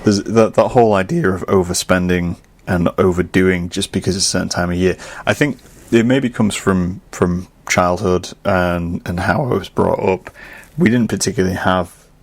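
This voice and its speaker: A young man hosting a podcast, ranting casually and swinging from low muttering to loud exasperated outbursts. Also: normal speed, gravelly. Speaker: podcast host.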